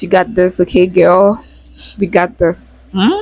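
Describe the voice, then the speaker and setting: A woman's voice: lowish voice, slow pace, vocal fry, long pauses, a little mellow, slightly rough, no room sound. A young Nigerian woman vlogging in a casual, frank, chatty way, swearing freely and laughing often, speaking into a handheld phone with a small mic. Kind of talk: casual chat to camera. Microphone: phone held in hand with small attached mic.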